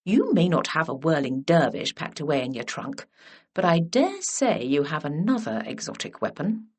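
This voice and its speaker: A woman voicing an imperious elderly aristocratic dowager who speaks in a brisk, commanding way, in a storybook reading. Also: low-pitched, sing-song, voice pushed down.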